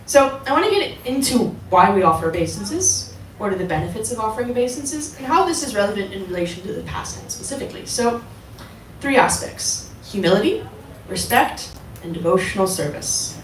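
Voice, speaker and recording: Lively woman teaching in an echoey hall. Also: mid-range voice, a little fast, far from the mic, a little hiss or hum. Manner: conversational, asks the audience questions. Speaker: devotional class speaker. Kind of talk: casual devotional talk to a group. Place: temple hall.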